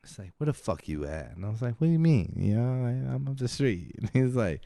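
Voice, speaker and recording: A man spinning a loose, profane story on a podcast, his pitch swinging widely as he acts out the people in it. The sound is dry and close, with no room around it. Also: animated, a little fast, gravelly, dark tone, dry recording. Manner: loose, profane storytelling with laughs and acted-out quotes. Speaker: podcast co-host. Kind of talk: casual storytelling chat.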